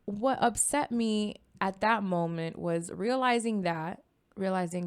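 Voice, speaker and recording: A woman co-hosting a casual podcast, telling a personal story with animated energy. She acts out her own quoted lines and keeps checking in with "you know what I mean." Her voice sits at a middle pitch for a woman. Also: unhurried, smooth. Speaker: podcast co-host. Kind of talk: casual chat.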